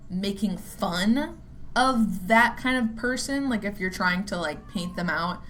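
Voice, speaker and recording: A woman's voice: medium pitch, lively intonation, a little slow, fairly bright tone, a little hiss or hum. A young adult woman hosting her own podcast, musing casually in a rambling way, full of "like" fillers, swearing and self-deprecating asides. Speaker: podcast host.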